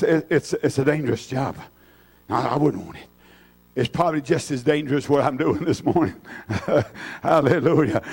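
Man, high voice, fervent revival preaching, repetitive, halting restarts. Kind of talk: revival sermon.

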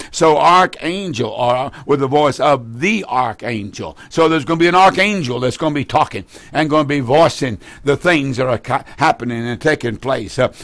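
A man's voice: medium pitch, fairly bright tone, no echo. Fervent preacher man. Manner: fervent, emphatic, repeats phrases. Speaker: preacher and broadcast host. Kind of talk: preaching on broadcast.

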